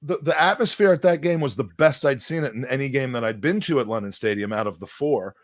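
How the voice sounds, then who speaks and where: In a dry, clean studio recording, a mid-range male voice talks quickly. He's co-hosting a podcast, chatting casually and wandering off track with lots of fillers and restarts.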